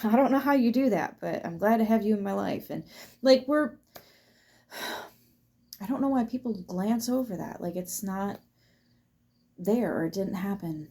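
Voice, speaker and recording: A woman's voice: mid-range voice, lively intonation, a little slow, long pauses, dark tone. A woman giving a casual tarot reading to her viewers in a chatty way, laughing often and swearing freely. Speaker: tarot reader.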